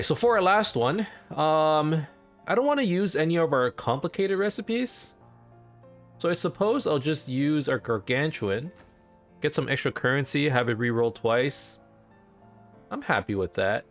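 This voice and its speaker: A man hosting a let's play, casually commenting on his game in an excitable, rambling way. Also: fairly high pitch, moderate pace, pauses often, faint music behind.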